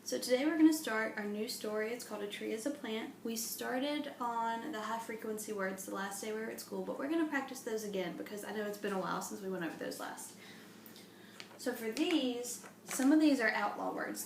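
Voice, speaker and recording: A woman teaching an early reading lesson to young children, with a slow, patient and encouraging classroom tone. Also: fairly high pitch, creaky. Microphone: camera a few steps away. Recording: echoey room from a distance, faint hum.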